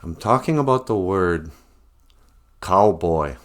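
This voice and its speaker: A man giving a mock-serious, deadpan satirical monologue. His voice is on the low side, and he talks slowly and deliberately, with pauses. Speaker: comedian vlogger.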